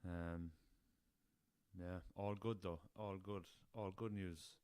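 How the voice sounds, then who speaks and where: Irish man, low smooth voice, casual solo podcast, chatty and foul-mouthed. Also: fairly even intonation, slow, a little mellow, no room sound. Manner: chatty rambling storyteller, swears freely. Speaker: podcast host. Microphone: laptop.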